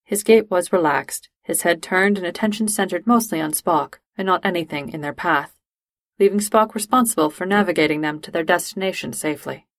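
A woman narrating a fan-fiction audiobook in a steady, even storytelling manner. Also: fairly low pitch, a little fast, no echo.

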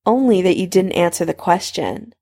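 A woman reading fan fiction aloud, voicing a calm, gently teasing adult man in her own voice. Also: lowish voice, moderate pace.

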